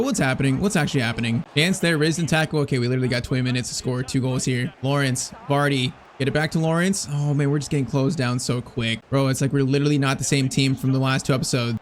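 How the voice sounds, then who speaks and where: A young man rattles through live gameplay commentary at high speed, his voice sitting a bit higher than most men's. He swings between excitement and exasperation, tossing in "bro" and "man", with a faint hiss behind him. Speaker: gaming YouTuber.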